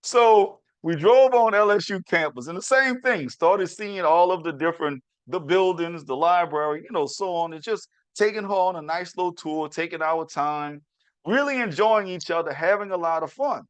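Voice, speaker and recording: A man's voice: high voice, normal speed, clear, resonant tone, dry recording. A middle-aged man hosting his own talk show, telling a story in a chatty, repetitive way and talking straight to his listeners. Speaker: podcast host. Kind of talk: casual storytelling monologue.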